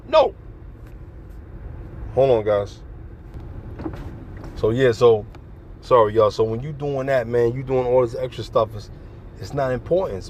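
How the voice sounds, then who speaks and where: A man preaching bluntly and profanely outdoors on a city street, with traffic passing behind him. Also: medium pitch. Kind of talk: open-air street preaching.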